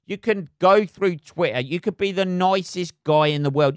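A man rants sarcastically on his solo podcast, swearing in almost every sentence. His voice sits a little high and comes across smooth and clear. The sound is close and dry, with no room echo. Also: normal speed. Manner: swears constantly, sarcastic, rambling. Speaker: podcast host.

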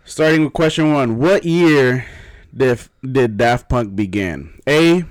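A man hosting a casual quiz among friends, playful and laughing often, reading out the answer options slowly. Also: medium pitch, animated, dry recording, clean studio sound. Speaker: quiz host.

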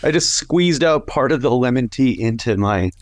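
Male co-host, mid pitch, hoarse from a cold, animated banter, dry close mic. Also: normal speed, dry recording. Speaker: podcast co-host. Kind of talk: casual chat.

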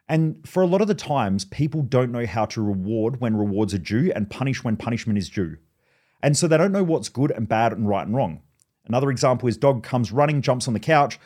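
A man's voice: medium pitch, a little fast. Blunt man telling stories. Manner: blunt, profane, animated storytelling. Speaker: podcast host. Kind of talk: podcast monologue.

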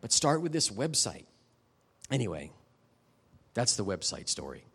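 A middle-aged man giving a guest sermon at a church service. He tells personal stories in a candid, emotional way and turns to the audience with quick asides. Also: on the low side, very animated, gravelly, fairly bright tone, husky. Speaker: guest preacher. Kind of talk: conversational sermon ending in prayer.

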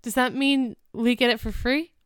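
A woman's voice: a little high, fairly even intonation, moderate pace, smooth, no echo, clean studio sound. A woman in her thirties co-hosting a podcast, recapping a sitcom in casual chat with lots of "like" fillers. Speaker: podcast co-host.

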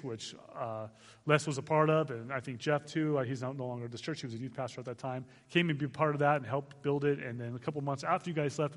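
A man in his forties from Arizona, a guest missionary speaker giving an animated testimony to a church, laughing as he tells it. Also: fairly high pitch, in a large hall. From Arizona, United States. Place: church sanctuary.

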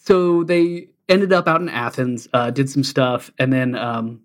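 A man co-hosting a casual music podcast, telling background stories in a relaxed, halting way with many uhs and ums. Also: medium pitch. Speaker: podcast co-host.

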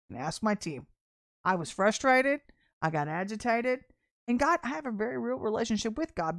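A woman's voice: mid-range voice, dry recording. Woman preacher, talks straight and blunt, chatty sermon, dry close sound. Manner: blunt, conversational, emphatic.

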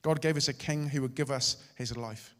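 A man's voice: mid-range voice, normal speed. Man preaching in a reverberant hall. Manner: dramatic, shifting loud and soft. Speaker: pastor. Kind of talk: sermon.

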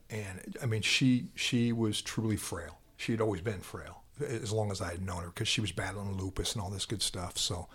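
Casting: man, low husky voice, halting, emotional first-hand account. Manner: halting, repeats words, quiet and heavy then louder when animated. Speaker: interview guest, law enforcement officer. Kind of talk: emotional personal storytelling.

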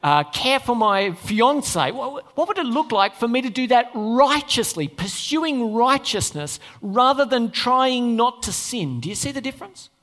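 Male preacher, chatty, questioning the congregation, animated intonation, long hall echo. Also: very high voice, unhurried, hardly any pauses. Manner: conversational, asks the audience questions. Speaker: pastor. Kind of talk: sermon.

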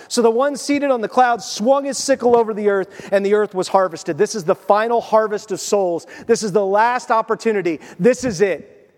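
A man with a fairly high voice delivers a sermon as pastor. He tells stories with animation, slipping into the voices of the people he quotes. The sound carries a long reverb, as in a large church hall. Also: moderate pace, a little mellow.

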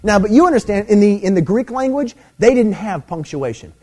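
A man's voice: high voice, animated, fairly quick, mellow. A middle-aged man preaching a sermon, teaching emphatically and checking in with "okay?" as he goes. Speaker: pastor.

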